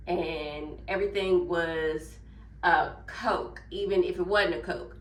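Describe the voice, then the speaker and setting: A woman from Memphis, Tennessee tidies her home kitchen while chatting to viewers in a casual lifestyle vlog. Her Southern-accented, lowish voice is steady and unhurried, heard from a distant mic in a roomy room.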